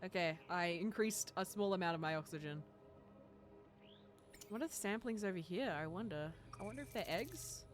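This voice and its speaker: A man's voice: sits high, lively intonation, normal speed, faint music behind. Giggly young male streamer. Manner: giggly, playful teasing of chat. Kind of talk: casual game livestream chat.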